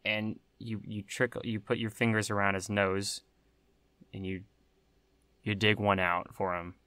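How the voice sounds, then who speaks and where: Man, podcast co-host, deadpan humor, bright crisp voice, dry close sound. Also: lowish voice, a little slow, no room sound. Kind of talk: casual chat.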